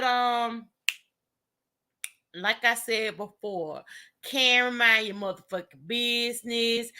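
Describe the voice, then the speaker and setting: Slow-talking, gravelly woman streamer. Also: fairly high pitch. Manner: blunt, profane and animated, with laughter and drawn-out asides. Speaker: live-stream host. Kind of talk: casual live-stream chat.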